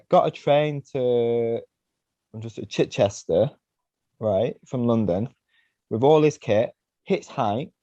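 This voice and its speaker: A man spins a loose, rambling story as a podcast guest, forever tossing in "you know" and "right?". His voice is dark and mellow, and it sits close and dry on a slightly dull, lo-fi recording. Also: medium pitch, no room sound. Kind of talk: casual storytelling.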